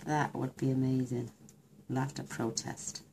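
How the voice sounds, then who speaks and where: Gushing woman, very low and gravelly. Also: flat delivery, a little slow, a little mellow, a little hiss or hum. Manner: gushing, chatty, thinks aloud while colouring. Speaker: craft demonstrator. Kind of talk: card-making tutorial.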